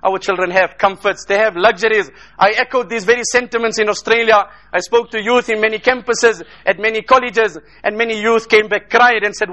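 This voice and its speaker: Man, high voice, bright tone, emotional sermon, rhetorical repetition, Arabic phrases. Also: steady tone, brisk, hardly any pauses, lo-fi sound. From South Africa. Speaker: Islamic speaker.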